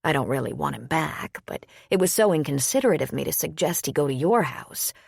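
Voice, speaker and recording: A woman narrator voicing an older wife, married for decades, calm and soothing with a dry, weary humor, in an audiobook. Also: low-pitched, brisk, vocal fry, slightly rough, no echo, full character voice. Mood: wry.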